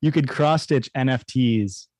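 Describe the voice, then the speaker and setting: A man's voice: medium pitch, measured pace, a little mellow, dry recording, clean studio sound. A man who is a guest on a casual comedy podcast, joking playfully and laughing.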